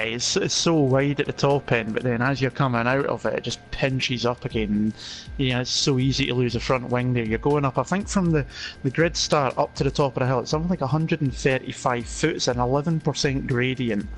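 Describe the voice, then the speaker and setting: A man's voice: mid-range voice, brisk, soft background music. A man co-commentating a live esports race, explaining the track in a chatty, analytical way.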